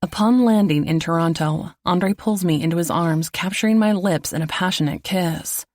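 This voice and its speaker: A woman reading a first-person audiobook in an even, intimate way. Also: on the low side, normal speed, no room sound, clean studio sound. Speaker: audiobook narrator.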